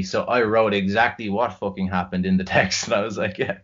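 A man's voice: on the low side, fairly even intonation, brisk, fairly bright tone, slight background noise. A young Irish man telling a rambling, sweary story in casual chat. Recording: dull lo-fi recording.

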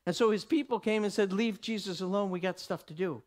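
A man preaching a sermon, acting out the people in the story and swinging from loud declarations to hushed whispers. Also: high voice, fairly quick.

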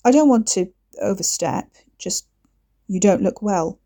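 A woman reading aloud and voicing an awkward, blunt young man who speaks haltingly. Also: mid-range voice, expressive, dark tone. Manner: halting, hesitant speech.

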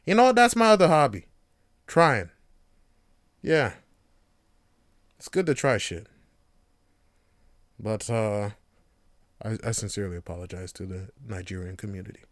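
A man's voice: lowish voice, animated, unhurried, long pauses, dry recording. Joking, laughing man in a casual monologue. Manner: joking, swears, laughs often. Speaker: podcast host.

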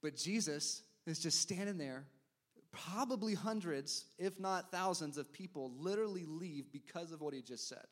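Man pastor, fairly high voice, lively sermon delivery with quick asides to the congregation. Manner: animated preaching, quick asides to the congregation, acts out crowd reactions.

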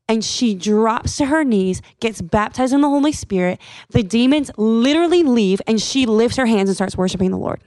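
A woman telling a church testimony in a casual, animated way, acting out the people she quotes. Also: a little high, brisk, no echo, studio quality. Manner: animated, acts out quoted voices.

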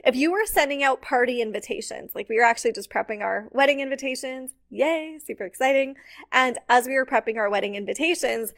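A woman's voice: high voice, brisk, fairly bright tone. A young adult woman hosting her own podcast, talking as a business coach in a casual, chatty, upbeat way with many "like" fillers. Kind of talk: casual solo podcast talk.

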